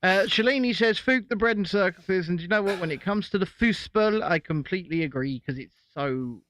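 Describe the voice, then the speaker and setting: A man's voice: high voice, a little fast, a bit bright, no echo. A man co-hosting a casual commentary chat, with dry, sardonic remarks. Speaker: co-host.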